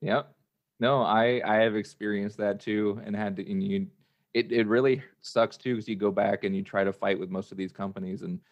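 A man's voice: on the low side, highs cut off. A man chatting casually on a podcast in an easygoing way. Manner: easygoing, laughs often.

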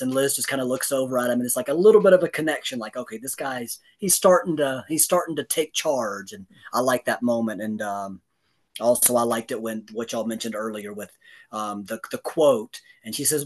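Male podcast co-host, casual, chuckly, medium voice. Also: fairly quick. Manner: laughs often, acts out lines in a high voice. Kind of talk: casual film podcast chat.

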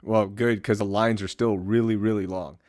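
A man's voice: on the low side, steady tone, moderate pace, darkish tone, dry recording. Easygoing man co-hosting, dry close sound. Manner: easygoing, laughs often, promotes segments. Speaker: co-host. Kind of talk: casual sports chat.

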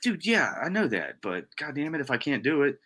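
A man's voice: a little high, sing-song, a little fast, fairly bright tone. A young man co-hosting a podcast in casual chat, rambling and swearing freely, calling people bro and dude. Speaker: podcast co-host.

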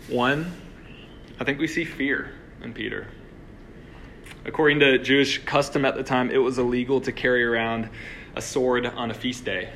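A young man preaching to a gathered room in a relaxed, talky way, peppering his lines with filler words and quick restarts. His voice sits at an ordinary middle pitch, and a faint hiss runs under the recording. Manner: conversational, lots of "like" and restarts. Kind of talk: casual sermon. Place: room with a live audience.

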